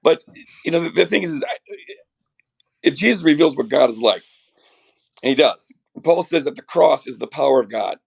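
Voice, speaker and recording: A middle-aged man with a raspy voice from a chest cold, earnestly explaining theology as a podcast guest, restarting his sentences often. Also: fairly high pitch, lively intonation, fairly quick, long pauses. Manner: earnest, builds ideas with many restarts.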